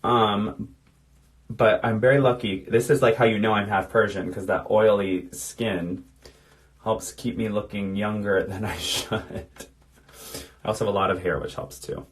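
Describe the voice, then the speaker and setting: A man's voice: lowish voice, steady tone, measured pace. A man in his thirties chatting casually on a phone livestream, reading out viewer comments while doing his makeup. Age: 30s. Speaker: drag performer.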